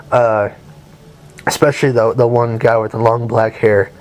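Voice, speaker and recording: A man's voice: medium pitch, flat delivery, measured pace. A young man giving a rambling, enthusiastic spoken movie review, swearing casually as he goes.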